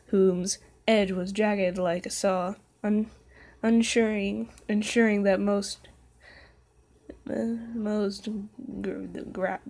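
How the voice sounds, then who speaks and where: A woman's voice: mid-range voice, a little mellow. Tired young woman, casual stream reader, stumbles and self-corrects, jokey. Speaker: reader of fan fiction. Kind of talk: casual read-aloud livestream.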